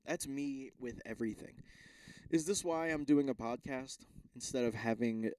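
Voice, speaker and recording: A man's voice: mid-range voice, normal speed, a little mellow, no echo. A young man hosting a solo podcast, chatting casually and rambling, swearing often and stumbling as he reads text aloud. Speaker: podcast host.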